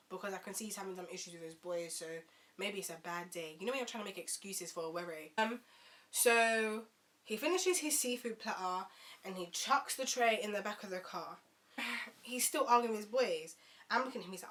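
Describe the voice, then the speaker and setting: A young woman tells a storytime to camera. She is animated and chatty, turning often to her viewers. Her voice is bright and sits a little high. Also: a little fast. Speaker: vlogger.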